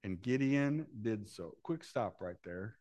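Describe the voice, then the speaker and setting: A man delivering a sermon in a relaxed, conversational way. He keeps checking in with his listeners through short questions and slips into the voices of the characters in the story he is telling. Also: on the low side, takes it slowly. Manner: conversational, asks the congregation questions; acts out the voices of Bible characters. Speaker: preacher.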